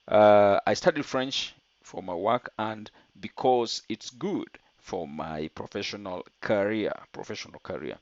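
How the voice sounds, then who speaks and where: Man, french teacher, lowish voice, muffled dry recording, explains phrase by phrase. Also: measured pace, hardly any pauses, no echo. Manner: explains step by step, translating French phrases into English. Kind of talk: online language lesson.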